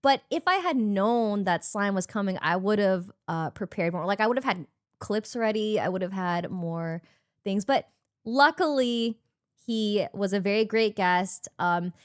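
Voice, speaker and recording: A young woman recounts a story in easy, casual chat. Her voice sits fairly high and swings widely. It leaps up whenever she replays her own reactions. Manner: animated, jumps high when acting out her own reactions. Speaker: streamer and podcast host.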